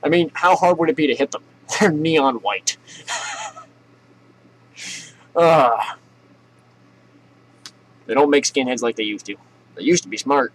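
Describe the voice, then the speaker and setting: A man's voice: medium pitch, unhurried, pauses often, rough recording. A man hosting a comedy news show, ranting sarcastically and profanely and laughing at his own jokes.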